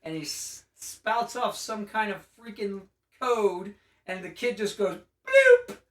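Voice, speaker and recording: A man co-hosting a casual gaming chat, recapping a game with animated storytelling and funny put-on character voices. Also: high voice, unhurried, roomy sound, recorded from a distance. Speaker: podcast co-host.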